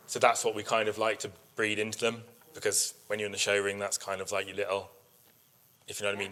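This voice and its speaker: A man with a bright, forceful tone and a fairly low voice tells stories from the show ring to a live workshop crowd. He is chatty and animated, acting out quotes and laughing as he goes. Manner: chatty storyteller, acts out quotes, laughs often. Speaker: sheep breeder giving a workshop talk. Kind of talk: informal presentation to an audience. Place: live workshop in front of an audience.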